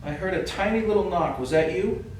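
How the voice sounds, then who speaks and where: A man's voice: high voice, fairly quick. Boston-accented male investigator, earnest and coaxing; roomy echo, distant mic, light hiss. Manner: calm, coaxing, earnest, addressing an unseen presence. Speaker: paranormal investigator. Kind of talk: calling out to a spirit in a ghost hunt. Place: old building at night, indoors. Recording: very echoey room, distant mic, faint hiss.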